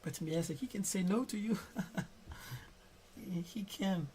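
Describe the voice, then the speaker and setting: A man with a French accent chatting casually on a live stream while he draws, soft and careful, stuttering at times. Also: sits high, a little slow, a little hiss or hum. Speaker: digital artist live-streaming.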